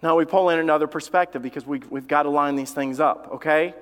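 A man's voice: fairly high pitch, steady tone, quick pace, fairly bright tone, clean tone. Impassioned male pastor in a reverberant hall. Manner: impassioned, emphatic repetition; tells family stories from the pulpit. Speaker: lead pastor. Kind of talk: sermon.

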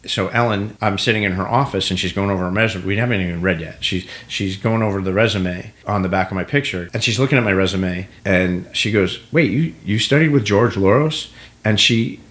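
Deep-voiced man telling stories. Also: quick pace, hardly any pauses. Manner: animated storyteller acting out quoted dialogue. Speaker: guest actor. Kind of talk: casual storytelling.

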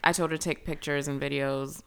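A young woman telling a personal story as a guest in a casual chat, full of fillers and lively retelling. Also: low-pitched, a little fast, creaky, clean tone. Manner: chatty, filler-heavy, animated retelling.

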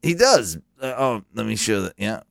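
A man hosting a casual podcast from home, rambling and excitable, often stopping and restarting. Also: fairly low pitch, normal speed, vocal fry, no room sound, clean studio sound. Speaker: podcast host. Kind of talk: casual chat.

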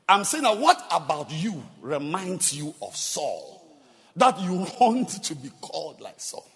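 A male pastor preaching a sermon, animated and laughing, firing rhetorical questions at the congregation. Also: on the high side, slow pace, long pauses, in a large hall.

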